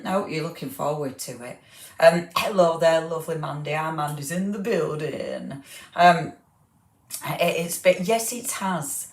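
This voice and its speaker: A woman hosting a casual craft livestream, chatting and greeting viewers by name in a rambling, giggly way. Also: lowish voice. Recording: echoey room.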